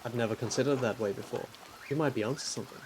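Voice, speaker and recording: A man's voice: mid-range voice, rapid-fire, noisy background, lightly acted. A man reading the part of a curious, polite young monastery artist aloud from a game, in his own plain voice. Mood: calm.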